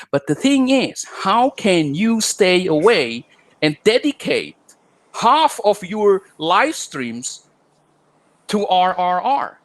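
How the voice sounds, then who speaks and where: A man's voice: high-pitched, sing-song, slow pace. A man hosting a live online talk show, delivering a combative, rambling monologue full of fillers. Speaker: host.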